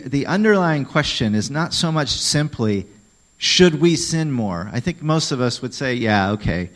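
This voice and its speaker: A man's voice: medium pitch, low-quality recording. A man preaching a sermon in a conversational, emphatic way, often asking the congregation questions. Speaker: pastor.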